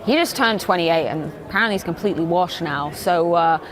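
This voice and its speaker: A woman's voice: on the low side, fairly quick, music in the background. A woman playing a talk-show guest in a comedy sketch, telling her story in a chatty, sheepish way.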